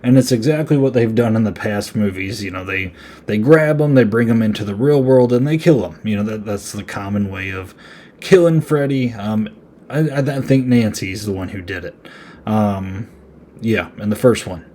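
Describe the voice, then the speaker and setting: Young guy podcasting, kinda deep mellow voice, lots of um and like, sarcastic. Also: moderate pace. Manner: rambling, heavy on fillers, sarcastic. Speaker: podcast host. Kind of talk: casual movie review.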